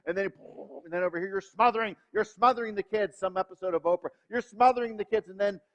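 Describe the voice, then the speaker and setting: A man's voice: high-pitched, fast talker, fairly bright tone. A male pastor giving a sermon in a church, self-deprecating and acting out the voices in his head. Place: church sanctuary. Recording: reverberant hall, dull lo-fi sound.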